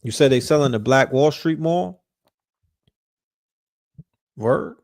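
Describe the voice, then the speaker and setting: A man from Brooklyn with a New York accent, hosting a podcast and telling stories in a casual, profane, animated way, often restarting his words. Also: medium pitch, slow pace, no room sound, studio quality. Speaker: podcast host. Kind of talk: casual storytelling.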